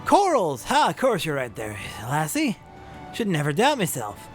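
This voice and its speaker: Man playing a drunk old-timey sailor, boisterous, slurring, wildly swinging pitch, game character voice. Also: huge pitch swings, moderate pace, soft background music. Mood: drunken rambling. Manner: slurred pirate-style dialect, loud outbursts. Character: drunk rowdy male sailor, boisterous and rambling.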